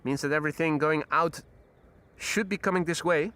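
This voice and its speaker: A man's voice: on the high side, moderate pace, a bit bright. A man hosting a live plane-spotting stream outdoors, chatting casually with viewers and using frequent fillers. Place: outdoors near airport runway.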